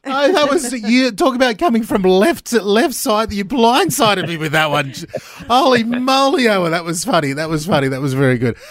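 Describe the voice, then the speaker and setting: A man hosting a breakfast radio show, upbeat and quick to laugh. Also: sits high, sing-song, a bit bright, no room sound. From Australia. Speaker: radio host. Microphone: studio mic.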